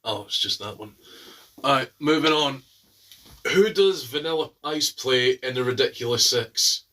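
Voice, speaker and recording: A man's voice: medium pitch, normal speed, bright, forceful tone. A man co-hosts a laid-back quiz with a dry, punning humor. He sits a bit back from the microphone, so he sounds slightly distant. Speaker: quiz co-host. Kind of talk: casual chat.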